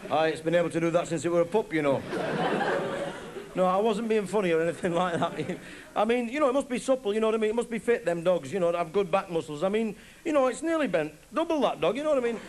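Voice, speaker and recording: A middle-aged man spins a stand-up yarn, his voice sitting high. He rambles and acts out both sides of awkward chats. It is a live concert recording, with a noisy audience and steady background noise. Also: fast talker, crowd noise. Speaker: stand-up comedian. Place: theatre stage before a live audience.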